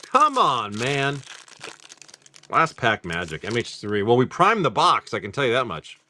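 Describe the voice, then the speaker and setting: A man's voice: medium pitch, big pitch swings, a little fast, bright, forceful tone. A man hosting a live card-opening stream, chatting casually and profanely while he calls out pulls and jokes about comedy films. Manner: loose and profane, laughing, quoting comedy films.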